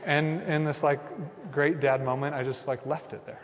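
Man pastor in his thirties, lively conversational sermon, fairly high voice, long hall reverb. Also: moderate pace, very noisy. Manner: animated, conversational preaching with acted asides.

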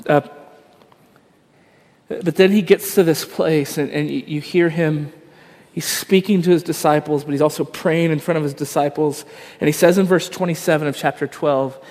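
A man's voice: a little high, steady tone, moderate pace, a little mellow, in a large hall. A man, probably in his thirties, preaching a sermon in a conversational, self-deprecating storytelling way with frequent fillers. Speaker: pastor.

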